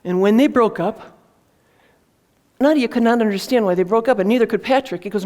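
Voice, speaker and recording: A woman's voice: mid-range voice, a little fast, darkish tone. A woman author telling a heartfelt story to an audience in an earnest, conversational way, with fillers and restarts. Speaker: author presenting her book.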